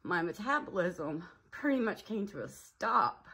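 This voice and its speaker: A woman talking to her own camera at home in a personal vlog, nervous and tearful, halting with fillers and a shaky voice. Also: fairly low pitch, very animated, bright, forceful tone, slightly rough. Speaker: vlogger. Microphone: camera mic.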